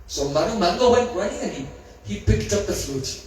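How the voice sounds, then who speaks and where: High-voiced man telling stories in an echoey hall. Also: normal speed. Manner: animated, acts out voices, quizzes the audience. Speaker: spiritual teacher telling sacred stories. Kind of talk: devotional storytelling to an audience. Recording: very echoey hall, mic far off, faint hiss.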